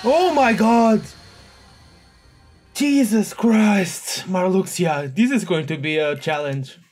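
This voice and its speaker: A man giving live commentary on his own gameplay, excitable, often exclaiming and cursing at a hard boss fight. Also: sits high, takes it slowly. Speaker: gaming video host. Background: faint game music.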